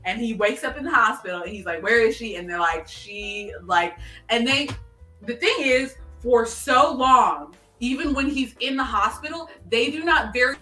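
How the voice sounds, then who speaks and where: A woman co-hosting a casual chat, excitedly retelling a TV episode and acting out its dialogue. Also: on the high side, moderate pace, echoey room, far from the mic, faint music behind. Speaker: podcast co-host. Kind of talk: casual chat recapping a TV show.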